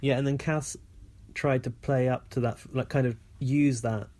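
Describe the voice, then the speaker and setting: A woman in casual recap chat as podcast co-host, dropping dry, quick quips. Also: rumbling low, steady tone, dark tone.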